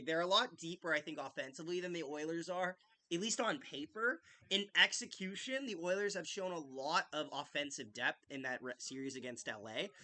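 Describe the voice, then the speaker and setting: Excitable young man with a bright, high voice. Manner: chatty and excitable, jokes with a friend. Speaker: podcast host. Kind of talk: casual live game-watch chat.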